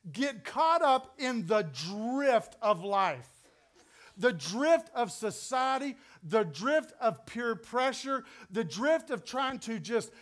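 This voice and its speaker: A middle-aged man with a West Texas accent, preaching a sermon through an animated personal story that builds to emphatic peaks. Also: very high-pitched. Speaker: pastor.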